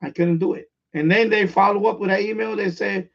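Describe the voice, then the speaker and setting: New york guy rambling on a live stream, gravelly voice, kinda dull lo-fi sound. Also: sits high, moderate pace, few pauses. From born in Puerto Rico, raised in the Bronx. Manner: rambling, repeats himself, blunt. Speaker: radio hobbyist live streamer. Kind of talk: casual live-stream chat.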